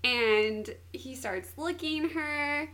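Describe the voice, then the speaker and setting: A woman's voice: high voice, drawn-out words. A young woman co-hosting a casual podcast, giggling often as she retells a manga plot. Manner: giggly, animated storyteller. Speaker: podcast co-host.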